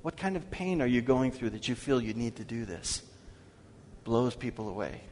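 A man preaching a sermon as pastor, asking his congregation questions and slowing down to read scripture aloud. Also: medium pitch, expressive, darkish tone. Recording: long hall reverb.

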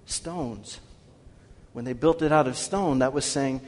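A man preaching a sermon as pastor, asking his congregation questions and slowing down to read scripture aloud. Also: fairly high pitch, expressive, a little mellow. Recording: long hall reverb.

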